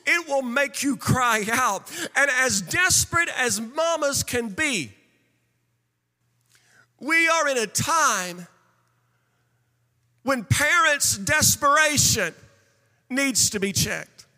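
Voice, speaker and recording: A man preaching a fervent sermon in a very high, bright, ringing voice. His words rise into chanted, shouted crescendos and then fall back, unhurried. The sound carries a long reverb, as from a large church sanctuary. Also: animated. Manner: impassioned preaching with sing-song cadence and shouted peaks. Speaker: pastor.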